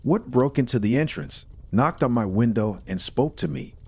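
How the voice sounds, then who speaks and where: A man reading a first-person horror story in a steady, measured storytelling manner. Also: medium pitch, breathy edge, no room sound.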